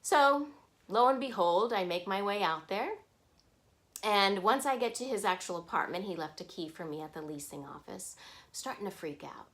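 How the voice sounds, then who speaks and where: A woman's voice: mid-range voice, normal speed, fairly bright tone. A woman vlogger telling a personal story to the camera, acting out the people she quotes.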